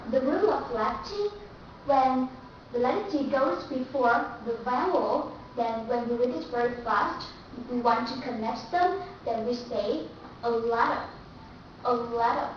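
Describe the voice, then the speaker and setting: A woman teaching English pronunciation, speaking slowly and deliberately and repeating each example word. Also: high-pitched, lively intonation, a little hiss or hum. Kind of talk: classroom pronunciation lesson. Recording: echoey, dull recording from far off.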